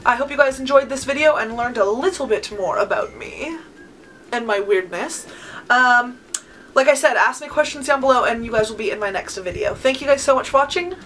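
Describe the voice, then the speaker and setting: A woman's voice: a little high, brisk, fairly bright tone, a little hiss or hum, low-quality recording. A woman in her twenties from California, answering viewer questions in a casual vlog, chatty and full of "like" and "um". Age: 20s. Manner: chatty, sprinkles in "like" and "um". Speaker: beauty vlogger.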